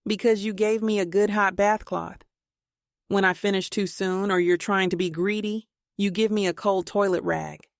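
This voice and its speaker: A woman's voice: medium pitch, fairly even intonation, normal speed, no echo, studio quality, natural voice. A woman voicing a sassy, teasing wife in a storybook reading. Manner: teasing, casual speech.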